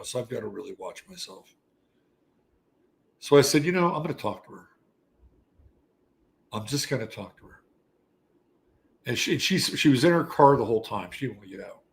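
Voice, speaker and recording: Man in his sixties, gravelly voice, casual storytelling, animated and salty, mid-pitched. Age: 60s. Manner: animated, profane, conversational. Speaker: astrology show host. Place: Texas.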